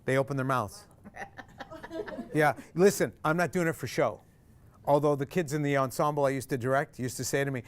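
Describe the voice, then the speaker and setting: Animated man leading a singing class. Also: fairly high pitch, moderate pace, slight background noise. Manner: animated, joking, demonstrates by singing. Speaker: singing instructor. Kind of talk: group singing workshop.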